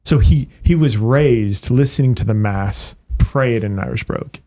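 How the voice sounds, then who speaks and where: A man who is a priest, chatting on a podcast. He tells stories with animated energy, his voice at an everyday middle pitch. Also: normal speed. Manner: animated storyteller. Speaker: priest guest. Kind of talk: casual podcast conversation.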